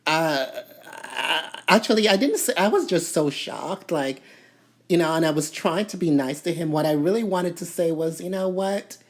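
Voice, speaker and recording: A woman from Toronto telling a story to camera in a casual, animated way, full of "you know" fillers and indignation. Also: low voice, moderate pace. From Toronto, Canada. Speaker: vlogger.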